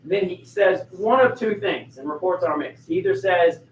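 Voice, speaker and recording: A man in a classroom lectures on history as a lively storyteller, often turning to ask his students questions. His voice sits slightly high for a man. The room is echoey, the mic is far off, and faint noise hums underneath. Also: normal speed. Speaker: teacher.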